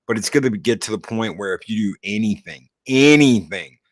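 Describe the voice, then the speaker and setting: A man's voice: fairly low pitch, fairly even intonation, quick pace, no echo. A man co-hosting a casual livestream chat, talking emphatically and animatedly. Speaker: co-host.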